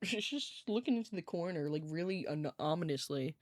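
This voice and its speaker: Rambling, animated woman streamer. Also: fairly low pitch, fairly quick, dry recording, studio quality. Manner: rambling, lots of "like" fillers, laughs often. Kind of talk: casual chat with viewers. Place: home room with her cat.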